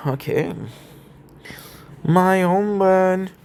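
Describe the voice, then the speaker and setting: A man's voice: high voice, steady tone, very slow, a little mellow, smooth. A man streaming a game, playfully hyping up his viewers and rambling in a loose, upbeat way. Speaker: gaming streamer. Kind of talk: hyped live-stream intro and gameplay chat.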